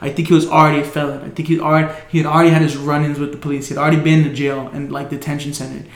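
A man's voice: fairly high pitch, level tone, racing. A young man telling a story in casual chat, loose and full of slang, swearing and fillers. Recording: echoey room.

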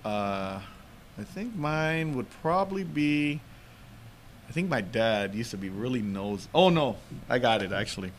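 A man's voice: medium pitch, animated, unhurried, a little hiss or hum. A man co-hosting a casual podcast chat, telling a long story in a rambling way and laughing often. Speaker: podcast co-host.

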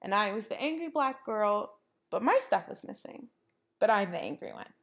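A woman's voice: medium pitch, normal speed. A young woman hosting a podcast, talking casually and acting out what people said in her stories. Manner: animated storytelling, acts out quoted dialogue; frequent "like" fillers. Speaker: podcast host. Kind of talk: casual monologue.

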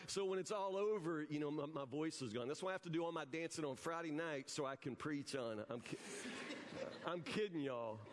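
High-voiced preacher in a reverberant hall. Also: male voice, fairly quick. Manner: animated and joking, breaks into shouts. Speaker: pastor. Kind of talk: sermon.

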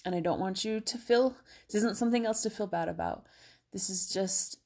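A woman hosting a casual self-help podcast, talking in a gentle, encouraging way with many fillers and slipping at times into soothing guided relaxation. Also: medium pitch, normal speed. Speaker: podcast host.

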